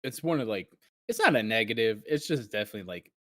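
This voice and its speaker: A man's voice: fairly low pitch, lively intonation, fast, a bit bright, dry recording, studio quality. A man co-hosting a podcast in casual chat, rambling with many restarts and acting out his own reactions. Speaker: podcast co-host.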